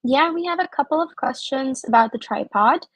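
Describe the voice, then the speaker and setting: A woman assistant on a live online class reads out viewer questions in a plain, matter-of-fact way. Her voice is a little higher than usual and the sound is dry and close. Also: expressive, moderate pace, dry recording, poor audio.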